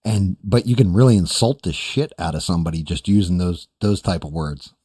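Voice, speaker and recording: A man's voice: deep voice, a little fast, dark tone, husky, dry recording, studio quality. A man hosting a podcast, telling a long profane story in a loose, rambling way with quoted voices. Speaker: podcast host. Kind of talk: casual storytelling chat.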